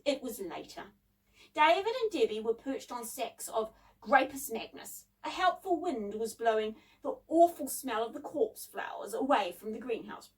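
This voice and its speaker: A woman narrating a children's story in a calm, measured reading voice. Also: on the high side, recorded from a distance, poor audio.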